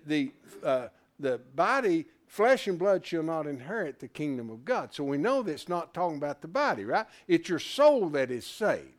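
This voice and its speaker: A man teaching a Bible class, animated, who keeps asking rhetorical questions and restarting his words as he thinks aloud. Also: fairly high pitch.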